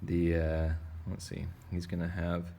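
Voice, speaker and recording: A man leads a casual drawing lesson for kids, joking and rambling as he sketches. His voice sits low and has a gravelly edge. A faint background hum runs under it. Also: completely flat delivery, unhurried, mellow. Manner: playful, rambling, jokey. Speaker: art teacher.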